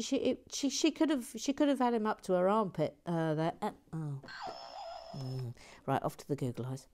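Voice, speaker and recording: A woman's voice: medium pitch, darkish tone. A woman hosting a LEGO building livestream, chatting playfully, reading out viewer comments and scatting little nonsense tunes as she builds.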